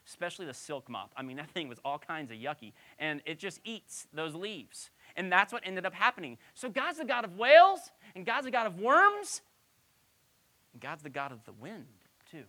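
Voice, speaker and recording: A woman's voice: fairly low pitch, big pitch swings, moderate pace, a bit bright. A woman pastor giving a conversational Bible-teaching sermon, asking her listeners rhetorical questions.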